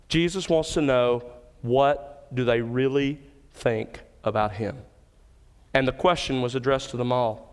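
A man's voice: medium pitch, clear, resonant tone. A man preaching an expository sermon as pastor, stressing key words with emphasis. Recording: hall with long reverb.

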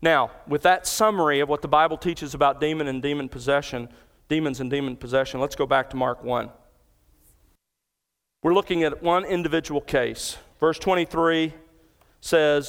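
Smooth-voiced male preacher in an echoing hall. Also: a little high, unhurried, fairly bright tone. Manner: earnest expository preaching, cites scripture references. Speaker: pastor. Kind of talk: sermon.

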